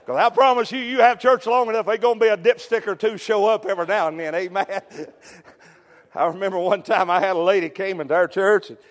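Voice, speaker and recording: Pastor, high tenor, folksy sermon in a reverberant sanctuary. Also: male voice, fairly even intonation, a little fast. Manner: folksy storytelling, peppered with amen, rising to shouts. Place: church sanctuary.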